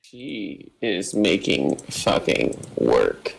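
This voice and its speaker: A man narrates a tabletop game as its game master. His gravelly voice moves at an unhurried pace, broken up by fillers and restarts, with quick stretches when he explains the rules. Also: low voice, very animated, a little hiss or hum, low-quality recording. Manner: halting, many fillers, bursts of quick rules talk.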